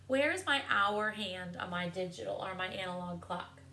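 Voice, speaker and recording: A woman's voice: medium pitch, normal speed, sharp tone. A woman teaching young children to read clocks, with encouraging, sing-song questions. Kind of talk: classroom lesson to young students.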